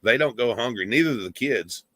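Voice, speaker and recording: A man's voice: medium pitch, expressive, a little fast, sharp tone, no room sound. A man co-hosting a live stream, joking with viewers and laughing often as he reads the chat aloud. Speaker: livestream co-host.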